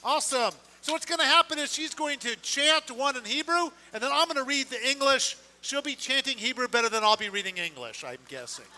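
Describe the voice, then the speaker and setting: A man leading a synagogue congregation, energetic and joking as he rallies them to shout along. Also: very high-pitched, brisk, hardly any pauses, long reverb tail, slight background noise. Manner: energetic, joking, rallying the crowd. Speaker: service leader. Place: synagogue sanctuary.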